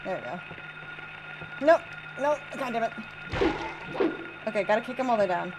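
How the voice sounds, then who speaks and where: Loud music plays behind a young woman whose voice is a little high as she streams a horror game at a moderate pace. She chats casually, greets viewers and reads chat, quiet mutters broken by sudden excited outbursts.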